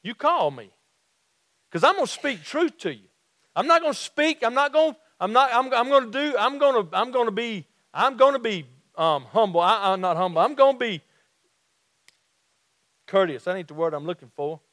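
A middle-aged man with a Southern accent preaching a sermon in a folksy way, restarting phrases and slowing down to stress his points. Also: very high voice, animated, a bit bright, no room sound, studio quality. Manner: folksy, repeats and restarts phrases, slows for emphasis. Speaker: pastor.

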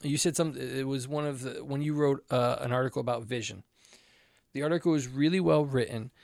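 A man with a gravelly, fry-edged voice, talking through ideas in a loose, animated way with plenty of restarts. The sound is dry and close, with no room echo. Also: mid-range voice, a little fast. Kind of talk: casual conversation.

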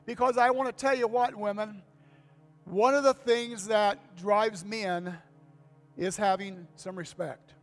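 A man's voice: high voice, fairly even intonation, slow pace, soft background music. An older man preaching to his congregation in a folksy manner, repeating key lines and asking for amens. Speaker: pastor. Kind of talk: sermon. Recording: long reverb of a church hall.

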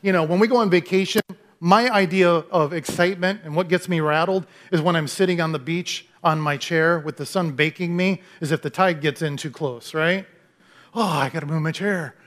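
High-voiced pastor telling lively stories. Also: male voice, moderate pace. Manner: animated storytelling, self-deprecating humor. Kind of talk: sermon with closing prayer.

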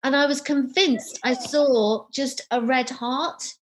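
A woman's voice: sits high, slow pace. A middle-aged woman, an author and psychotherapist, telling a personal story in an interview and acting out remembered dialogue. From United Kingdom. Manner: animated, acts out remembered dialogue.

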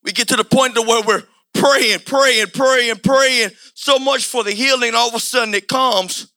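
A man preaching a sermon in a colloquial, repetitive, impassioned way, often rising to a shout. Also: very high voice, fairly even intonation, normal speed.

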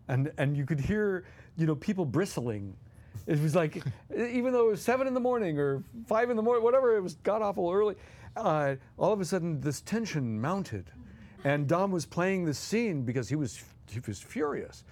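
A man's voice: a little high, expressive, normal speed, a little mellow. A man co-hosting as a guest, telling anecdotes animatedly and acting out quotes with laughs. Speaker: guest co-host.

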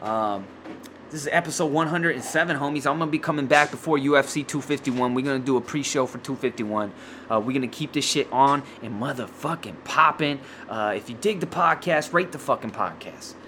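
A man hosting his own podcast, ranting loudly with lots of swearing and slang, stumbling over restarts, short of breath with a sore throat. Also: mid-range voice, fairly quick, slight background noise. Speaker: podcast host. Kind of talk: profane solo podcast rant.

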